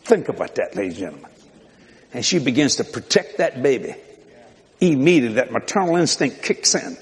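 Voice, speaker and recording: A man's voice: medium pitch, big pitch swings, fairly quick, husky. An older man preaching a sermon, telling folksy stories with laughter and mimicry. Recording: long hall reverb.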